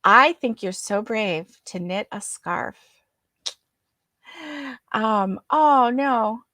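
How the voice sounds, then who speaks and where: A woman's voice: mid-range voice, expressive, drawn-out words, bright, forceful tone, no room sound. A woman hosting a casual crochet livestream, reading viewer comments aloud and greeting each viewer by name.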